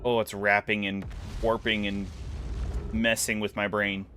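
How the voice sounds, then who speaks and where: A man's voice: lowish voice, level tone, measured pace, pushed and bright, faint music behind. A man giving casual, rambling gameplay commentary, musing aloud as he plays. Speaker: gaming streamer.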